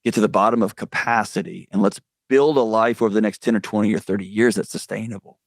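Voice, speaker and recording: A man's voice: lowish voice, fairly even intonation, fast talker, creaky, no echo. A man speaking as a guest mental health expert, telling stories in an earnest, candid way. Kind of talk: conversational interview.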